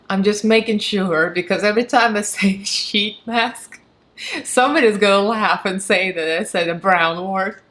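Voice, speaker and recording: A woman's voice: mid-range voice, normal speed, a bit bright. A woman with a Russian accent giving a chatty, frank and sarcastic product review, laughing often. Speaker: beauty vlogger.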